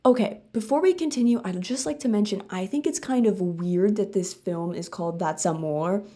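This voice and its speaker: Sarcastic woman with a mellow voice. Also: medium pitch, normal speed. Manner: sarcastic, rambling with many fillers. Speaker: host. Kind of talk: casual movie recap.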